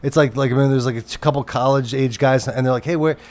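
A man's voice: mid-range voice, flat delivery, fast, a little mellow. A man who works as a TV producer, telling a story in casual chat, rambling with many restarts and fillers and swearing freely.

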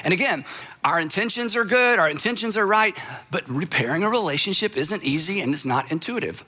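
A man's voice: high voice, lively intonation, fairly quick, bright, forceful tone. A man preaching a sermon in a conversational, emphatic way, acting out the things people say. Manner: conversational, emphatic, acts out quoted speakers. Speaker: pastor.

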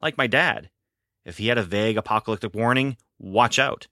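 A boastful ancient male demigod grumbles and scoffs in a wry, sardonic way, read by a man. The voice is low and forceful, recorded dry. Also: brisk, dry recording.

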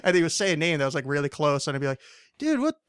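A man's voice: a little high, sing-song, very fast, fairly bright tone, clear, resonant tone, no echo, clean studio sound. A man in his thirties hosting a podcast, telling a long rambling story full of swearing. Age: 30s. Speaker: podcast host. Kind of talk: casual chat.

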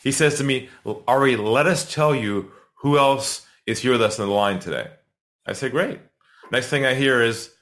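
A middle-aged man, a sales trainer and podcast guest, telling a story in an animated way and acting out quotes to build suspense. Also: medium pitch, normal speed.

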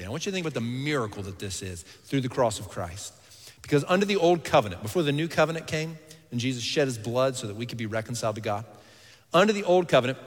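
A man in his thirties, a pastor preaching a sermon, earnest and animated, sometimes dropping to quiet intensity. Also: a little high. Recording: long hall reverb.

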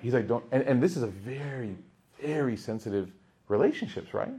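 Young male teacher, husky mid-range voice, animated class lecture swinging from loud to hushed. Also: mid-range voice, a little fast. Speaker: Islamic teacher. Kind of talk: lively class talk with storytelling.

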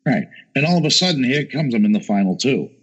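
A man chatting casually as a guest, telling lively stories, acting out quotes and swearing freely. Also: mid-range voice, fast talker, breathy edge, muffled recording. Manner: animated storyteller, acts out quotes, swears. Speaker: guest, chef. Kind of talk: casual chat.

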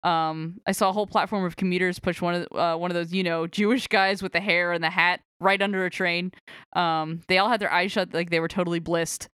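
A woman's voice: on the low side, steady tone, a little fast, fairly bright tone, clear, resonant tone, dry recording, studio quality. A woman co-hosting a podcast, chatting casually and retelling a comic book story in a rambling, giggly way with many fillers and restarts. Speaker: podcast co-host.

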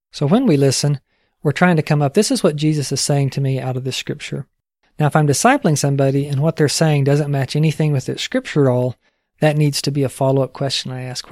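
A man's voice: a little high, fairly even intonation, fairly quick, a little mellow, no room sound, clean studio sound. A man teaching in an earnest, conversational sermon style, often posing rhetorical questions. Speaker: pastor teaching discipleship.

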